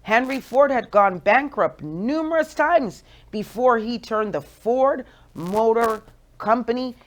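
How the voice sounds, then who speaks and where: A woman in her forties with a Jamaican accent, hosting a radio show with playful, animated motivational talk. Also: a little high, slow. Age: 40s.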